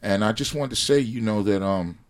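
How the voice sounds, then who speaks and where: Low male podcast guest, animated and preachy in casual chat. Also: normal speed. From United States. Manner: animated, preachy rants with loud swells. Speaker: podcast guest, sauce company founder.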